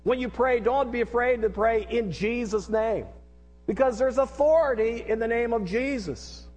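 A man's voice: very high-pitched, normal speed, darkish tone, big-room sound. A middle-aged man preaching a sermon in an earnest, repetitive way, leading the congregation to repeat lines after him. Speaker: pastor.

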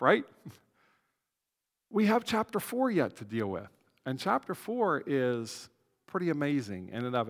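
A man's voice: a little high, fairly bright tone, big-room sound. A man pastor giving a conversational sermon, with asides and self-corrections.

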